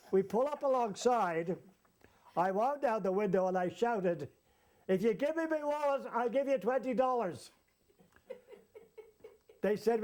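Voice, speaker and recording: A male storyteller spinning a funny travel yarn, his voice sitting high for a man. He tells it in a lively way and chuckles at his own tale as he goes. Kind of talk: comic anecdote told to an audience.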